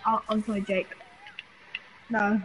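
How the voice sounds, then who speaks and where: Over background noise, a woman with a medium-pitched voice speaks slowly and flatly while gaming online with friends. She teases her teammates and calls out to them in voice chat, giggling through the casual gameplay chatter.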